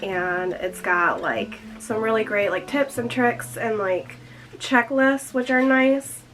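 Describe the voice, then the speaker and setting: A woman's voice: on the high side, slow pace, fairly bright tone, faint music behind, rough recording. A young woman chatting casually in a vlog, slightly out of breath, filling her talk with "like". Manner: chatty, fills with "like" constantly. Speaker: vlogger.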